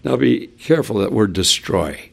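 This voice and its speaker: A man's voice: fairly low pitch, animated, normal speed, creaky. A man preaching an expository sermon, asking his listeners rhetorical questions as he works through a Bible passage.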